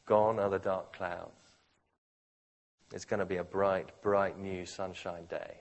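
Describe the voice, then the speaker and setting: A man preaching a sermon, dramatically shifting between quiet, slow phrases and loud, forceful ones. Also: low voice, little pitch movement, lo-fi sound.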